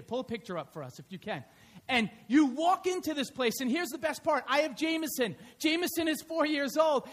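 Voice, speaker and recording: A man preaching a conversational sermon in church, telling stories in an animated way. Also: extremely high pitch. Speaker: pastor. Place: church sanctuary.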